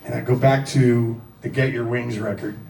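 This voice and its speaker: A man from Philadelphia, a rock singer, telling a casual anecdote in an animated, profane, self-deprecating way and acting out the quotes. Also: medium pitch, normal speed, gravelly, slight background noise. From Philadelphia, USA. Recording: roomy echo, distant mic, faint music.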